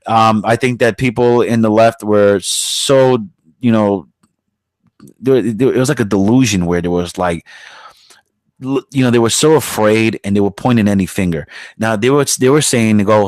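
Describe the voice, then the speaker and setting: A man's voice: moderate pace, dry recording. Blunt, profane male podcast host. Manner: blunt, profane, rambling with many fillers; mocks others in raised, high-pitched put-on voices. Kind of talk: casual opinion monologue.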